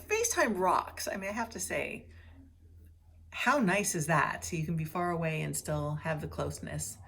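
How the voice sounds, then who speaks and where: Middle-aged woman, lowish voice, casual home video diary, rambling and chatty with easy laughs. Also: a bit bright. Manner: chatty and rambling, laughs often, coos at her pets. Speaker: vlogger. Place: at home indoors.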